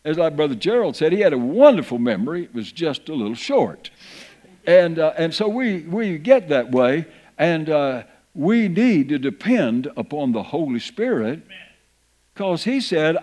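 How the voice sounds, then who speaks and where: A man's voice: on the high side, sing-song, a little slow, a little mellow. A man over fifty preaching a sermon in a church, reading scripture aloud with folksy asides. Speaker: pastor. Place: church sanctuary.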